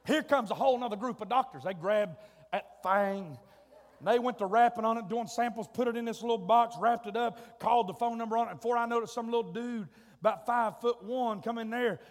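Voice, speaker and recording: High-voiced preacher, booming hall. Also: male voice. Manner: folksy, shouting peaks, drawn-out emphasis. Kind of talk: sermon with comic storytelling. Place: church sanctuary. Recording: long hall reverb.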